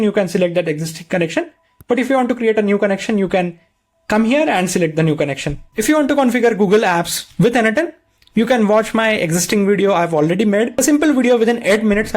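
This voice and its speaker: A man with a high-pitched voice walks through a screen-recorded software tutorial, explaining each step plainly and patiently into a desk microphone.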